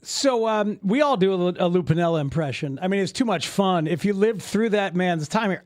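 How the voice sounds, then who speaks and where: An animated male sports radio host with a high, bouncing voice. He chats enthusiastically with his guest and keeps things loose. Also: moderate pace, hardly any pauses, no echo, studio quality. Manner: chatty, enthusiastic.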